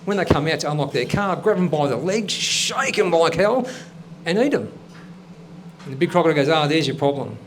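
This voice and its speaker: Lively male comedy host. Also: on the high side, fairly quick, slight background noise. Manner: upbeat, lively joke delivery. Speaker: show host. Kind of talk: joke telling on a comedy show.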